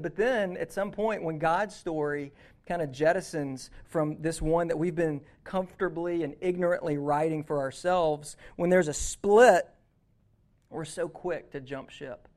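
A young man preaching a sermon as a youth pastor, acting out inner dialogue with God in a lively, conversational way. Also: fairly high pitch, normal speed, vocal fry.

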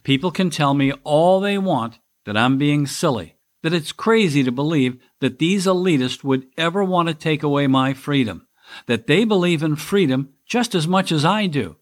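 A man's voice: fairly high pitch, animated, normal speed. Man hosting a sarcastic political monologue. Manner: wry, sarcastic, mock voices for critics. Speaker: podcast host.

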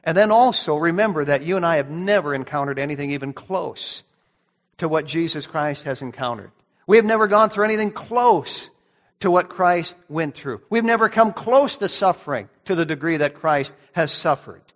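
A man with a high-pitched voice delivers an emphatic sermon, putting rhetorical questions to his congregation. His words ring out with a long reverb through a church hall. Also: normal speed. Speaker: pastor.

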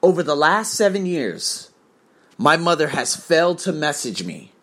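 A man's voice: fairly high pitch, big pitch swings, a little slow, fairly bright tone. A man telling a blunt, profane personal story in a confessional monologue.

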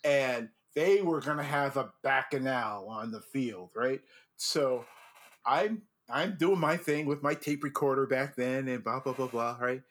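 A man hosting a casual chat, telling animated stories full of restarts and laughter as a former judge. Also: medium pitch, unhurried. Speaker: podcast host and former drum corps judge.

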